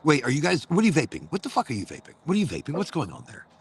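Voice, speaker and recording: A man's voice: on the high side, huge pitch swings, racing, a little hiss or hum. A man hosting a casual chat, talking loosely and rambling with lots of swearing. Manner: loose, profane, rambling storyteller. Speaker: host.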